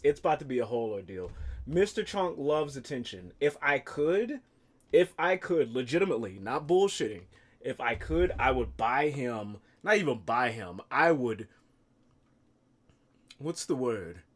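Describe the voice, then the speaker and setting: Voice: mid-range voice, animated, normal speed. A streamer chatting casually on a live stream, rambling and swearing playfully.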